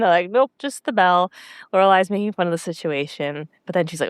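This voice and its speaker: A woman with a fairly low voice recaps a TV episode for her podcast co-host. She tells it as a lively story, slipping into quick impressions of the characters. The sound is dry and close to the mic. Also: smooth, dry recording. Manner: animated storyteller quoting characters.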